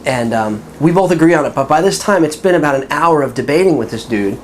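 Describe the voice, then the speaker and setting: A middle-aged former tattoo artist telling a story in a relaxed, offhand, profane way. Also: medium pitch, fast talker, a little hiss or hum. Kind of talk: casual storytelling.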